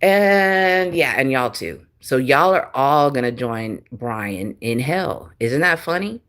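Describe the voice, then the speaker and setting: A woman, ranting profanely and taunting someone on a livestream, swinging between loud and soft. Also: very deep voice, expressive, takes it slowly. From Texas. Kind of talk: angry livestream rant.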